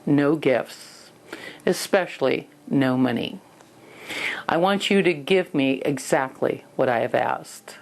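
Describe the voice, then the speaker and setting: An older woman teaching a parenting lesson speaks slowly in an extremely low, gravelly, slightly mellow voice. She earnestly shares personal stories and acts out little scenes.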